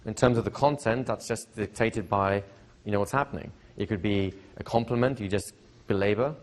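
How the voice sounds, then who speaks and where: A middle-aged hypnosis trainer with a lowish voice speaks a little fast as he teaches a live seminar audience. He's chatty and conversational, repeating phrases and often checking in with questions to the crowd.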